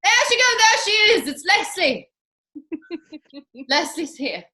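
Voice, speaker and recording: Casting: woman doing a high, bright-voiced, pompous grande dame, swooping and theatrical, echoey video call. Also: big pitch swings, takes it slowly, heavily acted. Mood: grand. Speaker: host of a live online master class. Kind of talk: comic character performance.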